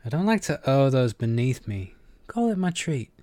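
A man's voice: medium pitch, big pitch swings, moderate pace, darkish tone, no room sound, pitched above the performer's own voice, close to an everyday voice. A man voicing a cocky, perceptive young male student with a breezy, confident manner.

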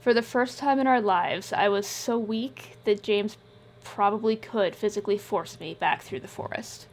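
A woman reading first-person scripted fiction in a measured, subdued way. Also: medium pitch. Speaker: audiobook narrator.

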